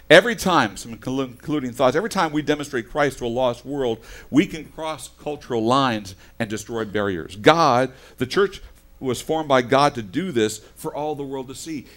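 A middle-aged man delivers a sermon as the church's pastor. He talks in a casual, storytelling way, correcting himself as he goes. His voice dips into quiet asides and then climbs to loud, emphatic bursts. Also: medium pitch. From United States. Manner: conversational storytelling with self-corrections.

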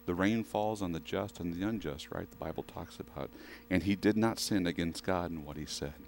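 A man's voice: low voice, fairly quick, gravelly, darkish tone. A man preaching a sermon in a conversational way, often asking the congregation questions. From western United States.

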